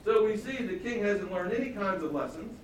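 A man preaching a sermon, his rather high voice full of animated storytelling as he acts out the quotes. He is heard from afar in a very echoey hall, with faint ambience behind. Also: brisk, far from the mic, slight background noise.

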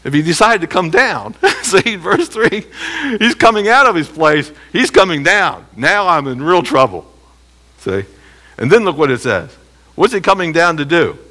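A man teaching a Bible lesson verse by verse in a lively way, often checking that listeners are following. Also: on the high side, moderate pace. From United States. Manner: animated, keeps checking listeners with rhetorical questions.

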